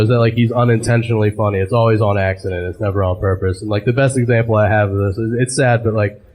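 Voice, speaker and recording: A man doing a stand-up set on a club stage, telling dark family stories in an offhand, deadpan way full of fillers. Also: mid-range voice. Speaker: stand-up comedian. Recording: live club with loud crowd laughter. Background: audience laughing.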